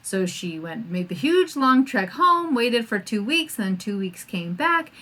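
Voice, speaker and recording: A middle-aged woman hosting a homeschooling podcast, talking in a chatty, animated way and acting out the voices she quotes. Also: medium pitch, unhurried. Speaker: podcast host and homeschool coach. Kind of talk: casual podcast talk.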